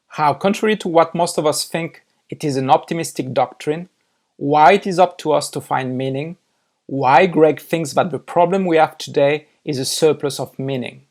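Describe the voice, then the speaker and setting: A man with a French accent, a native French speaker, hosting a podcast in a friendly manner and reading the show's introduction. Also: fairly high pitch. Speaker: podcast host. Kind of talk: casual chat and scripted show intro.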